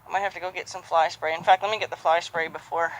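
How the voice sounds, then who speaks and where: A horse trainer working a horse outdoors, speaking calmly and giving repeated soft praise while explaining each step. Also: mid-range voice, quick pace, poor audio. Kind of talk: live training commentary.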